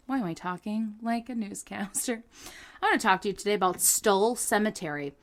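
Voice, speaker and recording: A woman's voice: medium pitch, brisk. A young adult woman co-hosting a podcast, chatting and joking, and reading a source aloud with her own asides. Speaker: podcast co-host.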